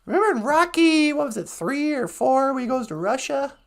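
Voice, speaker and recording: A woman's voice: high voice, lively intonation, fairly quick. A woman hosting a live-stream podcast, chatting casually in a meandering way with playful asides. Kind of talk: casual rambling chat.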